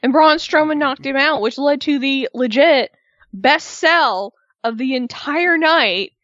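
Woman gushing about wrestling, animated, dull dry recording. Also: measured pace, no echo. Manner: expressive, acts out quotes in high voices. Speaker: podcast co-host. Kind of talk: casual wrestling recap chat.

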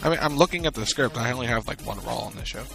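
A man's voice: medium pitch, very fast, creaky, fairly bright tone, soft background music. A man co-hosting a casual podcast, stammering and teasing. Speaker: podcast co-host. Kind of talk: casual chat.

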